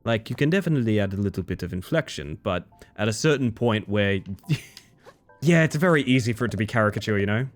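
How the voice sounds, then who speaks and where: Casual male game streamer, lively candid chat, some swearing, faint game music behind. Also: on the low side, fairly quick. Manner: candid, chatty, swears, restarts when thinking aloud.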